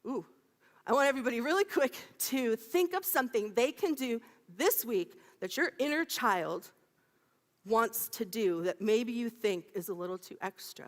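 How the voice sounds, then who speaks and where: A woman in her fifties giving a playful sermon, laughing often and chatting with the congregation. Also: fairly high pitch. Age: 50s. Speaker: minister. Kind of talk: lively sermon. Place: church sanctuary. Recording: long hall reverb.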